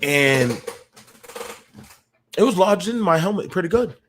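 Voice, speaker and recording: A man, a military veteran, telling a raw story in the first person, halting and profane with frequent restarts. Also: sits high, expressive, a bit bright.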